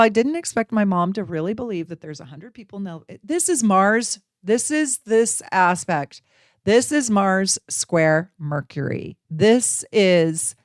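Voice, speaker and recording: A woman hosting an astrology channel, talking casually to camera as an animated storyteller who laughs and acts out voices. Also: lowish voice, no room sound, studio quality.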